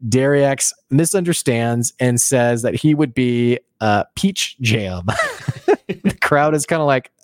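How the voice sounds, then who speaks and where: A man recaps an episode in a loose, chatty way, tumbling through the story with plenty of ums and little laughs. His voice sits at an ordinary middle pitch. The sound is dry and close, with no room around it. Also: unhurried, clear, resonant tone, no room sound. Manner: animated storytelling with fillers and laughs. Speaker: podcast co-host. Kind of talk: casual recap chat.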